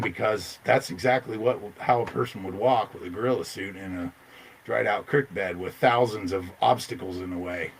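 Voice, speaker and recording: A man telling a long story in casual chat, rambling and excitable, jumping into loud high voices when he quotes himself. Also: moderate pace, vocal fry, low-quality recording.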